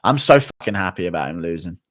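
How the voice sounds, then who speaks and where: A man's voice: sits low, lively intonation, no room sound, clean studio sound. A young man hosting a livestream, chatting casually, reading out donations and swearing freely as he rants. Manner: profane, ranting, quick to flare up. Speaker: livestream host.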